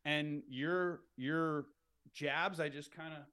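A middle-aged man as a podcast guest, explaining sales tactics in an animated way and acting out phone calls in upbeat voices. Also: a little high, slow, smooth. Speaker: real estate entrepreneur guest.

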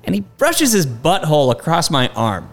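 A man's voice: a little high, moderate pace. A man co-hosting a podcast in casual chat, telling jokey stories in a small side room. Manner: jokey, animated storyteller. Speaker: podcast co-host.

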